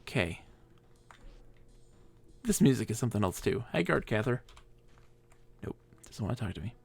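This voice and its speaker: A man's voice: on the low side, sing-song, normal speed, gravelly, slightly rough. A man streaming a game live, chatting playfully and reading character lines aloud in put-on voices.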